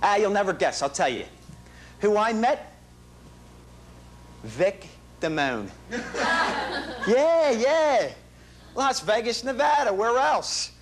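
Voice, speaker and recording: On a theater stage, a performer in a one-man show plays a chatty, bragging working-class family man, rambling in street slang and bad grammar for a comic monologue. His voice is high, animated and exaggerated, slow and full of pauses, with background noise behind it.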